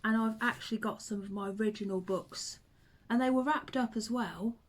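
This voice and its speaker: A woman, chatting to the camera and telling old stories in a relaxed, reminiscing way. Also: fairly high pitch, normal speed. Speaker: vlogger. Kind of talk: casual chat to camera.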